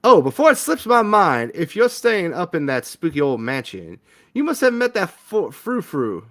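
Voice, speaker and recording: Guy doing a high-pitched southern belle doggy, sweet and sugary, all over the place. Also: very animated, moderate pace, a bit bright. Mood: sweet, haughty. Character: pampered female dog, sweet Southern belle. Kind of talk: reading a visual novel aloud with voices.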